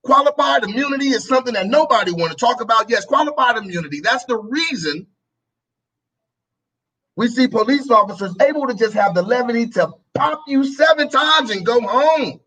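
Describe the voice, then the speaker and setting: Poor audio carries an animated male host whose extremely high voice sounds pushed, bright, and slightly rough. His brisk, preachy political commentary is full of repeated phrases, and he voices both sides of an argument.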